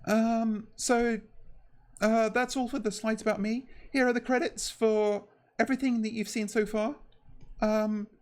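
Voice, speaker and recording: A woman streaming casually as a VTuber, her voice slightly shaky, talking in a halting, nervous way full of fillers and restarts. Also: fairly high pitch, fairly even intonation, darkish tone.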